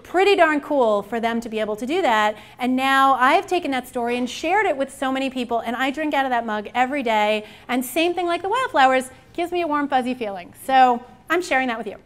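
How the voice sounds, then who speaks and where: A woman giving a conference keynote, telling stories in an animated, joking way. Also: high voice, brisk, few pauses. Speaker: keynote speaker. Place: conference hall.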